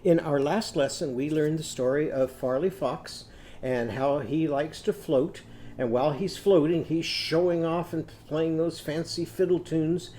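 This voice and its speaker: A man teaching a children's phonics lesson, patiently sounding out words slowly for young learners. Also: a little high, mellow, slight background noise. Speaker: literacy teacher.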